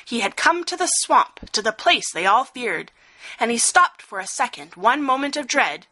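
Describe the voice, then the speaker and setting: A woman reading a rhyming picture-book story aloud, expressive, with a sing-song rhythm. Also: fairly high pitch, moderate pace, poor audio.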